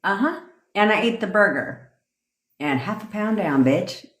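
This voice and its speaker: A woman's voice: medium pitch, animated, unhurried, slight background noise. A woman manifestation coach ranting on a livestream, blunt and profane, cheering on viewer comments as she talks. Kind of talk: livestream rant. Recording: roomy echoey room.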